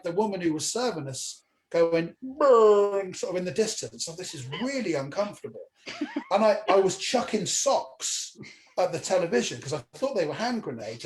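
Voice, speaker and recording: Comedian guy telling a funny story, high and bouncy voice, does all the voices himself, echoey room. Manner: animated, acts out voices in his stories, swears freely. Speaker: comedian guest. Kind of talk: anecdotal storytelling. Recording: echoey room with faint noise.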